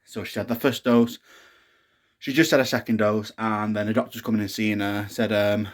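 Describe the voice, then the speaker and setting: A man's voice: lowish voice, little pitch movement, moderate pace. A young man, a new dad, recording a casual video diary, sounding exhausted and frustrated as he vents. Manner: frustrated, venting about hospital care. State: exhausted, low on energy.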